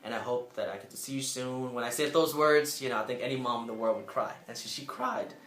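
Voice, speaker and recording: A man's voice: animated, fast talker, fairly bright tone, roomy sound. Earnest young man telling a story. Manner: earnest, emotional, acts out quoted people with sudden jumps in pitch. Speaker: Peace Corps volunteer. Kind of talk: personal storytelling to camera.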